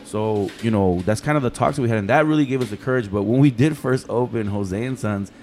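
A man, a chef and restaurant owner, telling a story in casual talk, animated and profane, acting out the people in it. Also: fairly low pitch, a little fast, a little hiss or hum. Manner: animated, profane, acts out quotes in his story.

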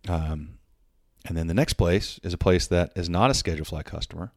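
A man's voice: deep voice, a little fast, a little mellow, no room sound, studio quality. A man telling a work story casually, full of fillers and restarts, acting out the quoted dialogue. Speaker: podcast host telling a story.

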